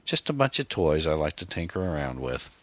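A man voicing a charming, secretive man who talks smoothly and evades questions in an audiobook. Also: very deep voice, sing-song, a little fast, fairly bright tone, no echo, exaggerated voice. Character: charming, secretive man showing off his house.

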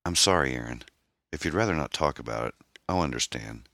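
A man's voice: a bass voice, lively intonation, a little fast, pushed and bright, no room sound, studio quality, heavily acted. A man voicing a caring young man who speaks in an earnest, reassuring way.

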